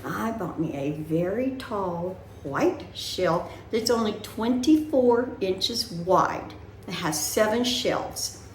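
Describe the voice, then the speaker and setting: A woman's voice: medium pitch, lively intonation, slow pace. An older woman chatting casually to her viewers from her living room, rambling as she talks her worries through, in a roomy recording with a little background noise. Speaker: vlogger. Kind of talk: casual chat.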